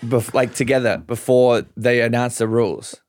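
A man's voice: medium pitch, level tone, moderate pace, darkish tone, dry recording, studio quality, faint music behind. Rambling young man telling a story. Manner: rambling, swearing, heavy filler 'like'. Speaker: podcast guest. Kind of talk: casual storytelling chat.

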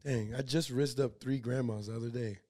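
A young man co-hosting a podcast. He talks in a relaxed, casual way and tells stories in an animated style. He slips into goofy voices when he quotes other people. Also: mid-range voice, brisk. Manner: animated storyteller, acts out quotes in funny voices. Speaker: podcast co-host.

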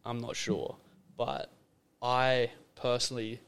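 A man's voice: mid-range voice, flat delivery, takes it slowly, a bit bright, clear, resonant tone. Rambling young man. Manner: rambling, loose storytelling with many fillers. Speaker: podcast guest. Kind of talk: casual conversation.

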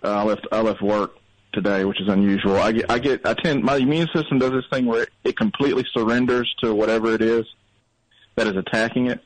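A man's voice: fairly low pitch, dry recording, rough recording. A man from North Alabama, calling into a radio show, rambling in a wry, self-deprecating way while getting over being sick. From North Alabama, USA. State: sick, recovering. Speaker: caller. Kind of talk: casual call-in chat.

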